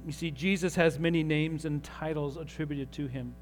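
A man's voice: a little high, fairly even intonation, normal speed, slight background noise. A man preaching as a pastor, earnest and rising in emphasis on key phrases. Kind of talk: sermon.

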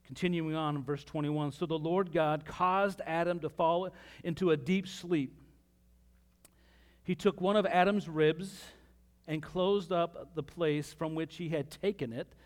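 Reading scripture aloud with pauses, a male pastor breaks off for animated remarks to his congregation. He speaks at a fairly high pitch.

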